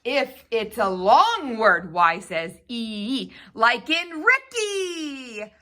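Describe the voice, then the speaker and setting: A woman runs a children's phonics lesson, spelling letters and stretching out sounds in a sing-song way. Her voice is fairly high and bright, with lively pitch swings. She speaks at an unhurried pace. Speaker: teacher.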